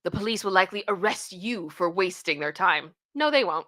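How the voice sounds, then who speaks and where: Speaking a little fast in a fairly low voice, a woman reads stories aloud in casual commentary. She's animated, reading quotes and reacting with bursts of disbelief and laughter.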